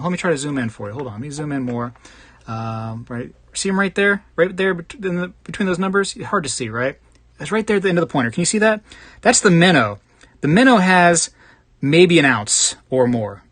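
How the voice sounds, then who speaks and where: A man's voice: a little high, a bit bright, no echo. A man hosting a casual live stream, rambling, chuckling and reading viewer comments aloud. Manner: rambling, chuckling, reads chat messages aloud. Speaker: livestream host.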